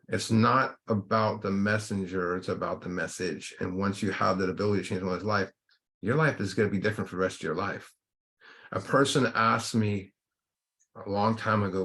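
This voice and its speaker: Low-voiced male workshop speaker; earnest talk, slow reflective meditation. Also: fairly even intonation, a bit bright.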